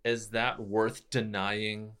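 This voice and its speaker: A man with a bright, slightly tense voice, pitched a little low, talks openly in a relaxed podcast conversation. He tells stories with animation and breaks into laughter easily. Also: slow pace, clear, resonant tone. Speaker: podcast host. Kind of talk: casual conversation.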